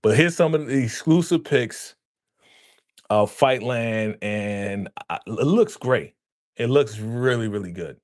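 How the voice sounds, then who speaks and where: A man's voice: medium pitch, animated, takes it slowly, darkish tone. A man hosting a casual live stream, talking loosely to his viewers and calling them fam, repeating himself often, on a podcast microphone. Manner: loose, repetitive, slangy, addresses viewers as fam. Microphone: podcast dynamic microphone.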